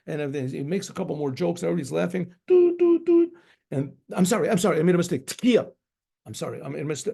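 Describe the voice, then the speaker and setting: A rabbi spins a story aloud in a loose, conversational way, circling back and imitating the sounds he describes. His voice is gravelly with a mellow, darker tone, pitched a bit above the usual for a man. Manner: rambling, conversational, acts out shofar blasts. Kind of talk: spoken storytelling.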